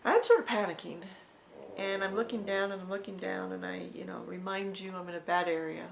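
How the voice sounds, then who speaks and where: Woman, vlogger, gravelly voice, repetitive storytelling, conversational asides. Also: mid-range voice, fairly even intonation, a little fast, slight background noise, poor audio. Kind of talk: personal storytelling vlog.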